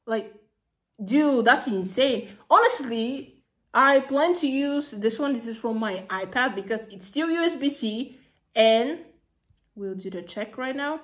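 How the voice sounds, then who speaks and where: A high-pitched woman vlogger talks casually through an unboxing, excitable and chatty as she gushes over each item with lots of fillers.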